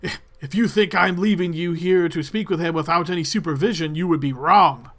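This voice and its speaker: A man voicing an irritated, sneering male dungeon jailer who talks in curt, haughty, loud bursts. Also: a little high, normal speed.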